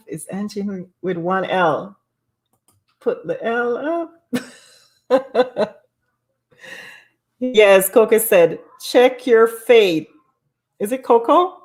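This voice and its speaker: A woman's voice: on the low side, darkish tone. A woman hosting a casual live stream from home, reading viewer comments aloud and laughing often. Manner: laughs often, bubbly and chatty.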